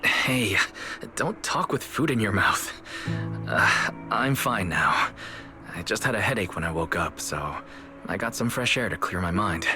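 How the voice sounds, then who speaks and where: An actor voicing a calm, earnest young male proxy in a video game, speaking in a measured way with a dry sense of humor. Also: fairly low pitch. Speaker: game character. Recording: game audio with music behind.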